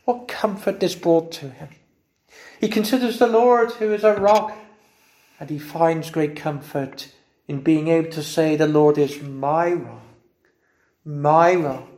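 Male preacher, slow deliberate delivery, fervent, slightly high voice, roomy echo. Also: darkish tone. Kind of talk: sermon.

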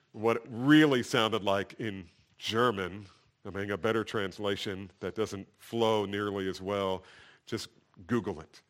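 A man's voice: on the low side, fairly bright tone. Fervent male preacher reading scripture. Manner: reads scripture aloud with rising fervor, then drops to a conversational aside. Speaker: pastor. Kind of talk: sermon.

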